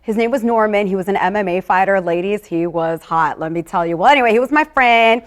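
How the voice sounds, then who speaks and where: A woman's voice: mid-range voice, brisk. Chatty, upbeat woman hosting a tasting. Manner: chatty and upbeat, with personal stories and asides; talks straight to viewers, calling them "you guys". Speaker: host of a live wine tasting. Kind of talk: casual live-stream hosting.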